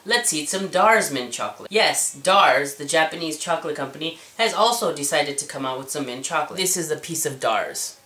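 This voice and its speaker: A man's voice: fairly high pitch, lively intonation, moderate pace, bright, forceful tone, distant mic, a little hiss or hum. A man in his forties with a girly, whiny voice, vlogging a self-deprecating, chatty story. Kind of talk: storytelling vlog. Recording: echoey room, away from the mic.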